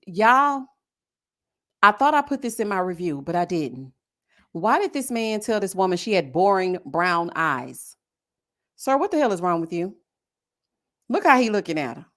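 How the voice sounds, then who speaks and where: Animated sassy woman live-streaming. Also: on the high side. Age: adult with a child. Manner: sassy, animated, frequent laughing asides. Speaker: YouTube host reviewing a reality dating show. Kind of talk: casual live-stream chat.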